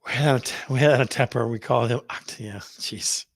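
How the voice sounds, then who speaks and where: Brisk and creaky at medium pitch, a man hosts a real estate livestream with playful, casual chat. He reads out viewer comments and counts down contests aloud, and the recording is dry and studio quality.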